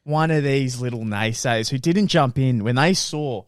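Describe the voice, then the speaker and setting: A man's voice: medium pitch, normal speed, clear, resonant tone, no room sound, studio quality. A man co-hosting a podcast, interjecting with jokes and playing up mock outrage in an improvised skit. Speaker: podcast co-host. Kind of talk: improvised comedy news skit.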